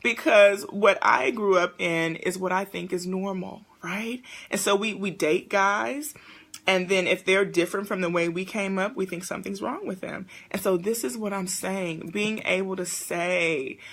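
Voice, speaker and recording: A young woman hosting a casual live-stream talk, animated and speaking straight to her viewers. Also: medium pitch, normal speed, vocal fry. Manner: animated, talks to viewers as "y'all" and "honey". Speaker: host.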